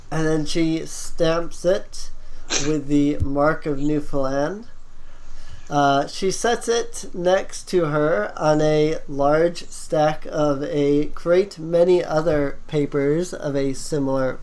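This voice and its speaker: A game master narrating a tabletop game, halting often with ums and uhs. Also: mid-range voice, darkish tone, a little hiss or hum.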